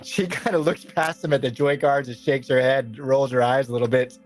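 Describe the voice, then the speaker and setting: A man at mid pitch running a tabletop game, narrating loosely with plenty of fillers and asides. Faint music plays in the background. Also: fairly even intonation, fairly quick. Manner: casual, rambling narration with fillers. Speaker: game master.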